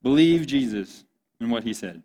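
A man's voice: medium pitch, animated, normal speed, mellow, a little hiss or hum. Earnest man preaching to youth. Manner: earnest, impassioned, addresses listeners as "guys". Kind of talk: sermon.

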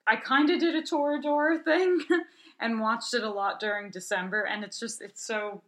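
A woman co-hosting a casual chat, talking in a relaxed, rambling way. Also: a little high, moderate pace.

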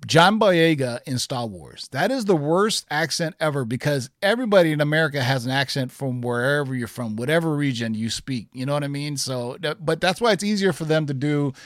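A man's voice: fairly high pitch, lively intonation, brisk, hardly any pauses, no room sound, studio quality. A man chatting casually about comics and movies, rambling with lots of fillers and restarts.

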